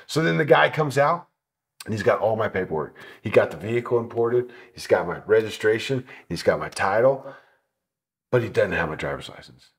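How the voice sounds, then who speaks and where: Animated man telling a road-trip story. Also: fairly low pitch, normal speed. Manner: animated, swearing, acts out quotes. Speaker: motorcycle traveler telling his trip. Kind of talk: casual storytelling interview.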